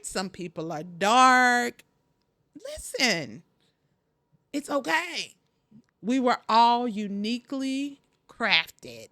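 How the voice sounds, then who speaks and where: A woman's voice: mid-range voice, no echo. Southern woman preaching to "y'all". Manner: animated, preachy, talks straight to listeners with lots of "listen, y'all". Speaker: podcast host and life coach. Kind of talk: faith-based motivational talk.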